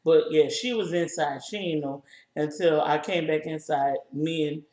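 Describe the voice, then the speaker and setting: A woman with a New Orleans accent telling a story in casual chat, lively and animated, acting out the people in it. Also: sits low, normal speed, reverberant. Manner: lively, animated, acts out voices in her stories. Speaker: co-host.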